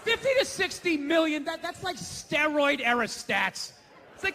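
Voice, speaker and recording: A male comedian doing a stand-up routine, ranting and swearing, often breaking into shouts. His voice sits very high and sounds bright and forceful. It echoes through a big hall with faint noise behind it. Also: expressive, moderate pace, gravelly. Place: comedy stage, large room.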